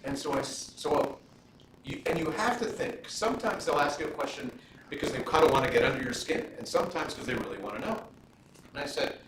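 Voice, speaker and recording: A man's voice: mid-range voice, sing-song, brisk, a bit bright. Middle-aged man chatting in a roomy hall. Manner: conversational, frequent "you know" fillers, anecdotal. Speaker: judge speaking to law students. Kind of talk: casual Q&A talk. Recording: roomy, distant mic, room noise.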